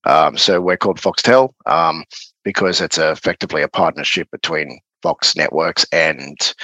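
A man's voice: low voice, normal speed, vocal fry, no room sound, poor audio. A man with an Australian accent, a guest explaining his engineering job in a casual podcast chat, with plenty of fillers. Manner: relaxed, explanatory, with many fillers. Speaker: guest, broadcast technology architect.

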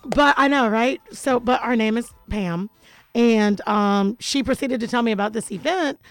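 Woman radio host, playful and joking, higher voice, dry close studio sound. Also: normal speed, no room sound, faint music behind, poor audio. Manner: playful, joking, laughs often. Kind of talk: casual radio chat.

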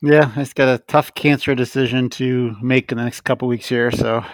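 A man's voice: mid-range voice, steady tone, a little fast, no echo. Man, podcast co-host, dry close sound, candid, wry humor. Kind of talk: casual podcast banter.

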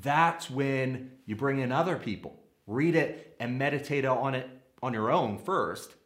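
A man's voice: mid-range voice, a little slow, a bit bright, echoey room. A man giving earnest, practical sermon-style teaching, using everyday analogies.

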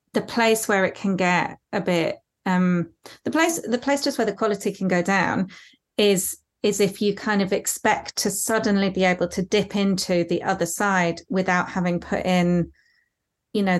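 A woman's voice: medium pitch, steady tone, measured pace. A woman artist speaking on a panel discussion, earnest, with many restarts.

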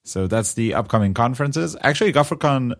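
A man's voice: medium pitch, expressive, a little fast. A man co-hosting a casual tech podcast, playful and joking, laughing often and using lots of uh fillers. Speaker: podcast co-host.

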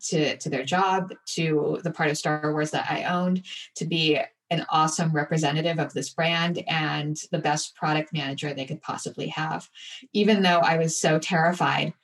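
A woman guest in an interview, telling a personal story candidly and with animated, acted-out asides. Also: deep voice, moderate pace, far from the mic. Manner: candid, animated retelling with acted-out inner voices.

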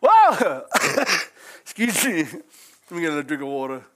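Slow yet very animated, a man with a fairly high voice preaches with a Cajun accent while background noise is audible. His folksy sermon is sprinkled with frequent hallelujahs, shouts of praise God, and chuckles between lines.

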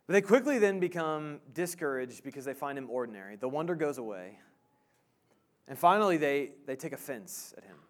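A male pastor in his thirties gives a casual, halting sermon full of "um"s and restarts. His voice sits a bit high for a man. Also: a bit bright.

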